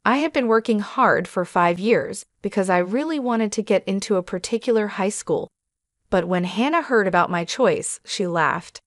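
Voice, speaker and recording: A woman tells a first-person story in scripted narration, keeping a steady, measured pace. Her pitch sits in a middle range. The recording is dry and close, with no room sound. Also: dry recording.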